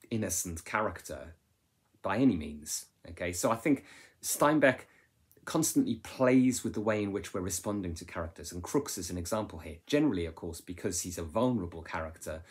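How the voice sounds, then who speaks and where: A man explains a novel in a relaxed lesson style, often ending points with tag questions. His voice is low and husky. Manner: conversational, asks rhetorical tag questions; restarts and fillers while explaining. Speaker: English literature teacher.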